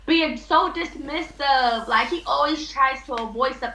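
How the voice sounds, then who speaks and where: High, gravelly woman venting on a live stream. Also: measured pace, sharp tone, echoey room, poor audio. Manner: heated, rambling and profane, addressing viewers as y'all. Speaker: livestreamer.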